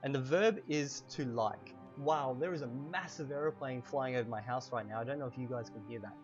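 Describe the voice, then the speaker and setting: A man teaching vocabulary in a casual, chatty way while playing a game at home, repeating each word slowly for learners, a little hoarse from a cold. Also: mid-range voice, muffled recording, over music. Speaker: language teacher. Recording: steady background noise.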